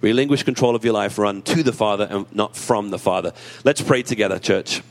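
A man preaching a sermon in an emotional, conversational way with self-deprecating humor, rising in pitch when he reads scripture aloud. He is close to tears. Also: brisk. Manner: rises in pitch and emphasis when reading scripture. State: tearful. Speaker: pastor.

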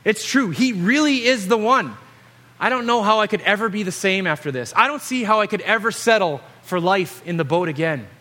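A man's voice: sits high, expressive, a little fast, pushed and bright, full character voice. A man voicing an amazed adult fisherman disciple, speaking in a breathless, wondering inner monologue. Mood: awestruck. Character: awestruck adult male fisherman disciple walking on water.

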